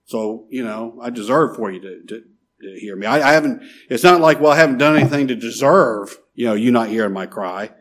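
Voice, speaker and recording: A middle-aged man preaching a sermon, pleading and emphatic, swinging from loud rises to soft drops. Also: medium pitch, expressive, brisk. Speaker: pastor.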